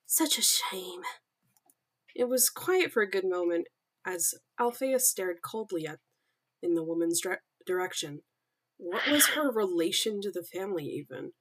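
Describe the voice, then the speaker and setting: A woman's voice: lowish voice, lively intonation, moderate pace. A young woman streamer reading her own story aloud on a casual livestream, breaking off to laugh, swear and comment on her own writing.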